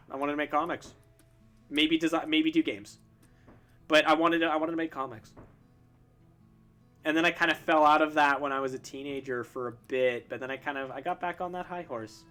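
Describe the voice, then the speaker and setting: A man's voice: a little high, bright, forceful tone, smooth. A young man chatting casually while drawing on a live stream, rambling and self-deprecating, with lots of fillers and restarts. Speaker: streamer and artist.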